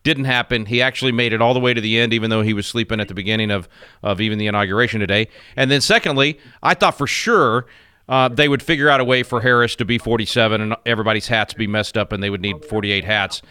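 A man's voice: on the low side, fairly even intonation, fast, bright, forceful tone, clear, resonant tone, dry recording, clean studio sound. A man co-hosting a talk radio show, upbeat and jokey, with frequent restarts. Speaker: radio co-host. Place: home radio studio.

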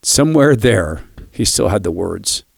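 A man hosting a radio devotional, quietly telling a personal story before closing with a blessing. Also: lowish voice, very animated, measured pace, creaky, slightly rough, dry recording, studio quality.

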